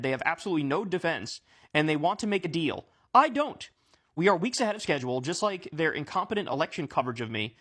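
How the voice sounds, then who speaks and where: A man's voice: a little high, fairly bright tone. A man giving a casual, indignant political rant, using plenty of fillers and swearing, with exasperated outbursts. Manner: profane, filler-heavy. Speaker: political commentator.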